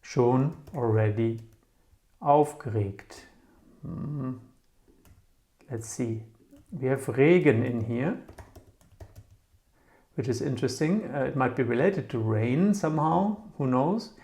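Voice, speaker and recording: A male language teacher who talks slowly and thinks aloud as he goes. He keeps checking in with his listener and repeats words over and over. Keys clatter softly in the background as he types. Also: mid-range voice, animated. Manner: slow, musing, repeats words aloud, frequent "yeah?" checks. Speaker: German teacher. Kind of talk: casual explanatory lesson.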